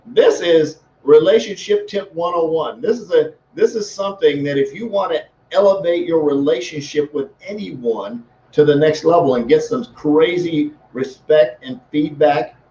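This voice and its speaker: A man's voice: fairly high pitch, measured pace, mellow. Rambling male coach in an echoey room. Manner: rambling, many restarts and fillers. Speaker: leadership coach. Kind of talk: casual live-stream talk. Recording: echoey room, dull lo-fi sound.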